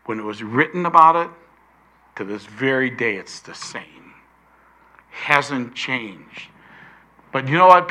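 An older man preaching a sermon, emphatic, slowing down to stress key words. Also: a little high, bright, forceful tone.

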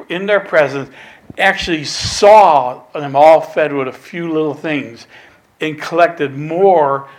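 Slow, emphatic preacher man. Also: fairly high pitch. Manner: emphatic, swinging from loud stresses to near whispers; repeats phrases for emphasis. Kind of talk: sermon.

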